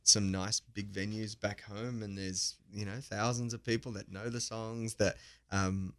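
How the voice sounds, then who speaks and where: A man's voice: fairly low pitch, level tone, unhurried, fairly bright tone. A young Australian man, a singer guesting in a radio studio, chatting easily with lots of "you know" and frequent laughs. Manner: easygoing, laughs often, fillers like "you know". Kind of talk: casual radio interview chat.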